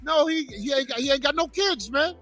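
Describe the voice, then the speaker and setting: A man's voice: very high-pitched, expressive, a little fast, a bit bright, faint music behind. A man on a podcast panel, teasing and mock-pleading in loose joking banter.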